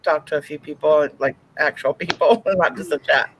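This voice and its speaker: A woman's voice: low-pitched, moderate pace, rough recording. A woman hosting a casual video chat with viewers, playful and laughing often. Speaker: host. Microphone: webcam.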